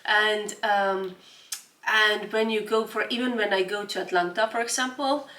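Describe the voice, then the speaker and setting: Woman, 40s, english speaker, earnest, halting restarts, echoey room, distant mic. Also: mid-range voice, fairly even intonation, pushed and bright. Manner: earnest, searching for words with frequent restarts. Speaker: guest. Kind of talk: casual interview chat.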